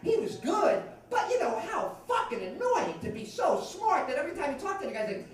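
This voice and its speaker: Male stand-up comic, profane and rambling, lively pitch, echoey club sound from afar. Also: a little fast, hardly any pauses, far from the mic. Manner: profane, rambling, animated storytelling. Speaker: stand-up comedian. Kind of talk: stand-up comedy set. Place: comedy club stage.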